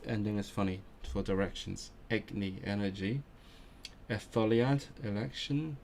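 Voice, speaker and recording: A language learner on a study stream thinks aloud, slowly repeating vocabulary and muttering to himself with frequent restarts in a low-key way. His voice is steady, creaky, and somewhat dark, with a bit of background noise.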